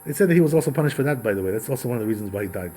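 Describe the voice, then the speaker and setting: A man's voice: mid-range voice, racing, a little hiss or hum, low-quality recording. A male rabbi teaching a Torah class, retelling a story in a chatty way with frequent asides to his listeners. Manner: conversational, repetitive asides, animated retelling.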